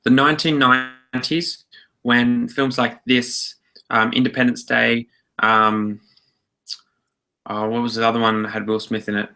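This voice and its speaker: A man's voice: medium pitch, level tone, a little slow, bright, forceful tone. An Australian man co-hosting a film podcast, rambling casually with hedges and dry jokes. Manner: rambling, hedging, dry joking. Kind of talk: casual chat.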